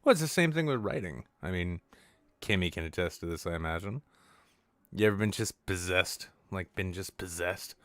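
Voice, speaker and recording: Bright, crisp-voiced young man rambling. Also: sits low, normal speed, no echo. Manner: rambling, animated, swears often, many fillers. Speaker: podcast host. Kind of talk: casual chat.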